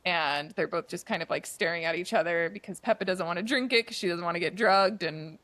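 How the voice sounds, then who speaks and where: A woman co-hosting a podcast in casual chat. She retells a story in an animated way, says "like" often and acts out the dialogue. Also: lowish voice, fairly quick, dry recording. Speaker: podcast co-host.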